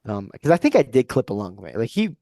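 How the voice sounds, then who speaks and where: Brief: young adult man, podcast guest, animated storyteller, mid-pitched voice, dry close recording. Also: quick pace, vocal fry, no echo. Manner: animated, breathless retelling with frequent "you know what I mean". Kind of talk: casual storytelling.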